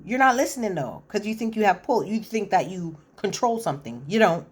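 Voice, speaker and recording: A woman's voice: medium pitch, sing-song, a little fast, breathy edge. A woman giving casual, opinionated commentary on a reality show. She is chatty, often says "listen" and acts out the quotes.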